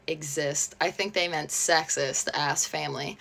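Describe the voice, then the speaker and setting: A woman's voice: low voice, fairly even intonation, slow pace, vocal fry, sharp tone. A woman reading online posts aloud and commenting on them in a blunt, sarcastic, casual way.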